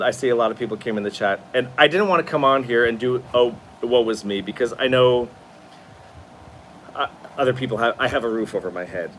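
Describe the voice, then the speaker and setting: A man's voice: mid-range voice, fairly bright tone, a little hiss or hum. A tired man hosting a casual live stream from his new apartment, chatting expressively and answering viewer comments. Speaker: livestream host.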